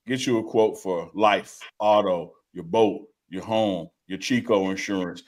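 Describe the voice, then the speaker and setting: A man's voice: lowish voice, moderate pace, hardly any pauses. A man co-hosting a casual live sports talk show, bantering, joking and reading a sponsor plug. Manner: joking banter, laughs often. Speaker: co-host.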